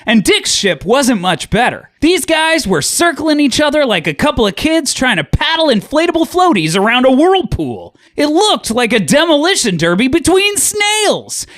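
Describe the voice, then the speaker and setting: Jokey woman narrator, high and bouncy, comic asides. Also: very animated, moderate pace, few pauses. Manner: chatty, jokey, rambling asides. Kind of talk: comic audio-drama narration.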